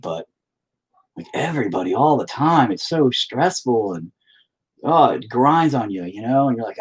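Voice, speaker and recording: Husky, profane, rambling storyteller man. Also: mid-range voice, big pitch swings, normal speed, darkish tone. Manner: profane, laid-back, rambling anecdotes. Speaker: painter and musician streaming. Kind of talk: casual storytelling while painting.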